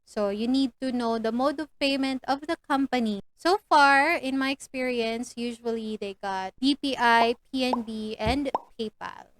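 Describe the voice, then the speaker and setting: A woman's voice: a little high, a little slow, no room sound, poor audio. A young Filipino woman with a Filipino accent, chatting through a casual tutorial vlog, mixing English and Tagalog and acting out lesson lines. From Philippines.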